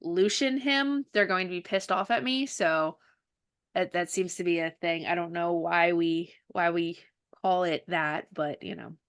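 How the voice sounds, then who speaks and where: A woman hosting a casual book podcast, talking in a lively, chatty way. She tells stories with energy, slipping into quoted dialogue as she goes. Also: on the low side, a little slow. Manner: animated storyteller who acts out dialogue. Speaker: podcast host and author. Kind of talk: casual chat.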